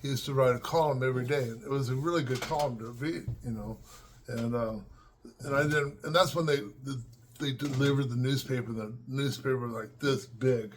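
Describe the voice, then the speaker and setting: A man's voice: mid-range voice, fairly quick, slight background noise. An older man from the Los Angeles area reminiscing at home in a rambling, casual way, with many fillers and restarts. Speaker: vlogger. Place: at home with his dogs.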